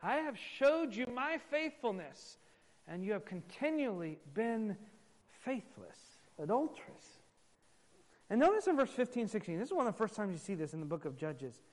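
A male pastor preaching a sermon emphatically, moving from loud stresses to hushed asides. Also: high-pitched, sing-song, normal speed, in a large hall.

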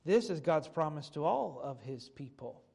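Man, pastor, sermon, fairly high voice, reads scripture then explains it plainly. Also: animated, normal speed, creaky, a little mellow, slightly rough. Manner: reads old scripture aloud then restates it in plain everyday speech.

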